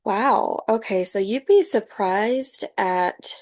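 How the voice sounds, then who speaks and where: A young woman giving a casual tarot reading, chatty and animated, laughing often and acting out the people she describes. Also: mid-range voice, slow. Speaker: tarot reader.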